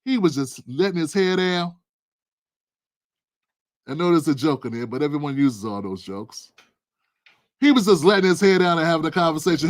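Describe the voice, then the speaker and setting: A man hosting his own show, talking straight to his viewers in casual, slangy, emphatic political commentary. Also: sits high. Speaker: show host.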